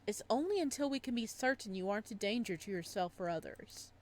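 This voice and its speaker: Woman reading as a calm, creepy male psychiatrist. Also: mid-range voice, fairly quick, natural voice. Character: soft-spoken possessive male psychiatrist. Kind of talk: reading a visual novel's lines aloud.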